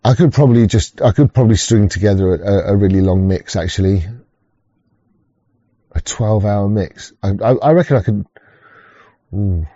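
A man's voice: fairly low pitch, normal speed, pauses often, warm tone, no echo, lo-fi sound. A man hosting a rambling, casual livestream chat, swearing often, stumbling over restarts and chuckling as he greets viewers. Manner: sweary, stop-start, chuckling, greets chatters. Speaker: livestream host.

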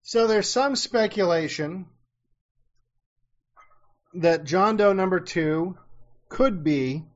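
Slow, high-voiced sarcastic man. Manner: sarcastic, swears casually. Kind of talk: casual storytelling chat. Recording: slightly dull lo-fi sound.

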